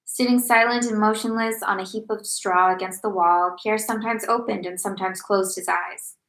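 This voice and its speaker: A woman reading a classic novel aloud at a steady, measured pace. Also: medium pitch. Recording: echoey room.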